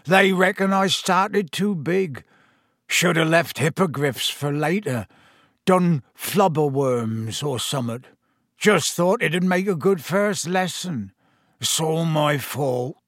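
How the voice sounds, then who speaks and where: A man voicing a huge, gruff gamekeeper who is drunk and miserable, speaking thickly and slowly. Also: high voice, sing-song, no echo, studio quality, voice pushed up, heavily acted. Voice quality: growling, thick-voiced.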